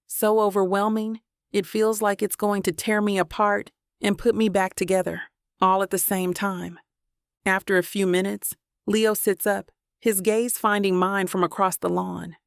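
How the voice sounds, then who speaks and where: A woman narrating a first-person romance audiobook in a warm, emotional storytelling manner. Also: medium pitch, gravelly, clear, resonant tone, no echo, clean studio sound.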